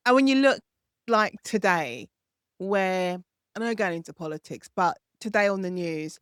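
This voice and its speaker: A woman's voice: mid-range voice, expressive, clear, resonant tone, no room sound, studio quality. A woman hosting an interview podcast, chatty and encouraging. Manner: chatty, encouraging, quick to laugh. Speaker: podcast host. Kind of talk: conversational interview.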